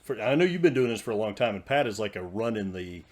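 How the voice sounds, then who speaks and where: A middle-aged man hosts a relaxed podcast chat, steering the talk between guests. He keeps affirming the others and laughs along readily, in a low voice. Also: quick pace. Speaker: podcast co-host. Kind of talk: casual chat, moderating.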